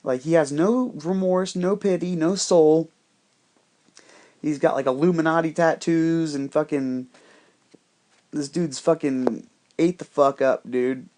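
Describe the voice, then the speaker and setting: A man with a slightly higher-than-usual voice rambles through a story, swearing constantly. He talks in a loose, conspiratorial way. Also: fairly even intonation, slow pace, pauses often, warm tone. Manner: rambling, heavily profane, conspiratorial. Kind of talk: casual storytelling monologue.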